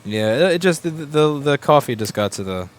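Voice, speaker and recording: A man's voice: a little high, animated, slight background noise. Blunt, sweary man ranting at a workbench. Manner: blunt and sweary, with quick mocking asides. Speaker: repair shop owner. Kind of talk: profane ranting while working. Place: repair shop workbench.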